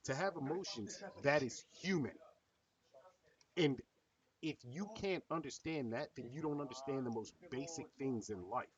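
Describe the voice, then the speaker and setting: A man's voice: medium pitch, normal speed, far from the mic, lo-fi sound, a crowd in the background. Blunt, heated male reaction host. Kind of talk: casual reaction commentary.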